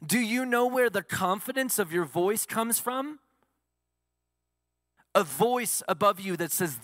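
A man's voice: high voice, animated, measured pace, a bit bright, no echo, studio quality, big-room sound. A male pastor preaching a sermon, asking the congregation questions and answering them himself.

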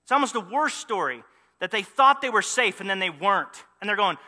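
High, bright-voiced man preaching in a hall. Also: a little fast. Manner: animated storytelling with rhetorical questions. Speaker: pastor. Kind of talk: sermon.

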